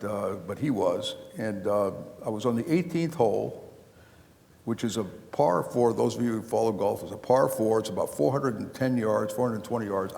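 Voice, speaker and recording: An older man spins loose, rambling anecdotes, stopping and restarting his sentences as he goes. His voice sits low, with a gravelly rasp at its base. The sound rings with the long reverb of a big hall. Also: darkish tone. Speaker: author and former county official. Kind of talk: storytelling at a live book talk. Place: lecture hall before a live audience.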